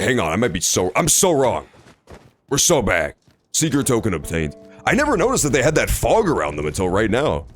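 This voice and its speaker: Streaming a game, this man keeps up a relaxed, jokey commentary packed with profanity. His pitch jumps back and forth between high and low as he chats.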